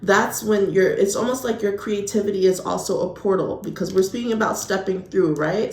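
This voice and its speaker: A woman giving a casual pick-a-card tarot reading, chatty and full of "like", calling listeners honey. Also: mid-range voice. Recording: echoey room.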